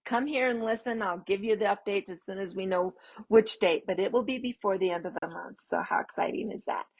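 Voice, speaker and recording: A woman hosting a parenting live stream, talking straight to her viewers in an easygoing way. Her delivery is expressive and upbeat, with big lifts in her voice on the words she stresses. She sits at a medium pitch and comes across like a friendly coach. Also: a little fast, vocal fry, husky. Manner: expressive, swooping upbeat emphasis with laughs. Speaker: podcast host and parenting coach.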